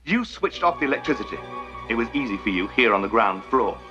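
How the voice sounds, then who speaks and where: An actor playing a frantic butler who breathlessly reenacts a string of murders, in film dialogue over score music. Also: male voice, medium pitch, animated, fairly quick, highs cut off, lightly acted. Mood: theatrical accusing. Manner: breathless, theatrical, accusing.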